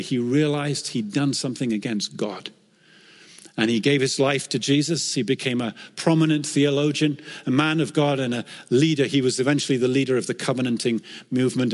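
Man preaching a sermon in a reverberant hall. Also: mid-range voice. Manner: storytelling, earnest and animated in quoted scripture. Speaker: pastor.

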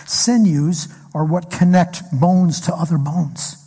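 A man's voice: on the high side, steady tone, takes it slowly, mellow, breathy edge. A man preaching a sermon as pastor, telling a story and asking the congregation questions. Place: church hall. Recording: echoey hall recording.

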